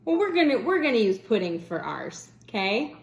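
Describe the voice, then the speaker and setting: A young woman teaching a home lesson to her child, with a gentle, encouraging, sing-song manner, at home. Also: on the high side, big pitch swings, normal speed, creaky. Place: home, living room then kitchen.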